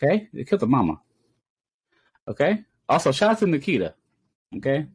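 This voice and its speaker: Animated man with a lively voice. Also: fairly quick, breathy edge, no echo. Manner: animated, bursts into high-pitched exclamations and laughter. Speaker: podcast co-host. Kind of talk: casual podcast chat.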